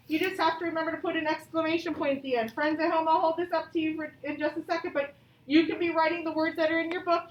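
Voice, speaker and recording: Woman teacher, high voice, patient and encouraging, slow example reading, echoey classroom, distant mic. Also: dull audio. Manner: patient, encouraging, reads example sentences slowly. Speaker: elementary school teacher. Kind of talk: classroom grammar lesson. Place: classroom, also streamed to pupils at home.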